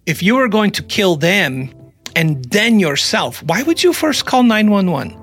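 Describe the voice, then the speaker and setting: A man's voice: high-pitched, very animated, a little slow, a bit bright, faint music behind. A man hosting a podcast, chatting casually and narrating a true-crime story with sarcastic asides. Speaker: podcast host.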